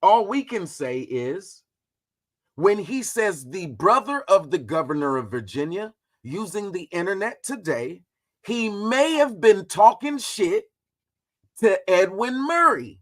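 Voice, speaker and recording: A man hosting a casual livestream, talking through history in a slangy, profane, animated way. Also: high voice, slow. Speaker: host.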